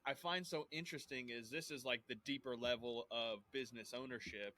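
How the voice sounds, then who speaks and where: A man's voice: mid-range voice, steady tone, brisk, sharp tone. A man hosting a podcast, responding enthusiastically and playfully acting out quotes. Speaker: podcast host. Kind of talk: casual interview chat.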